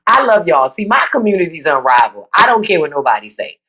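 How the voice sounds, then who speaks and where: Playful woman live-streaming, lively voice. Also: lowish voice, quick pace, background noise. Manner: playful, laughs often, talks to viewers as y'all. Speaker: podcast host on a live stream. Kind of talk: casual livestream commentary. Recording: dull lo-fi livestream audio.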